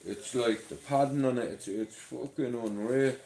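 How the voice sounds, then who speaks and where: Against a noisy background, a middle-aged Dublin-accented man speaks in a gravelly, medium-pitched voice at a moderate pace with fairly even intonation. He hosts a livestream, rambling casually and swearing freely, his voice chesty from a chest infection.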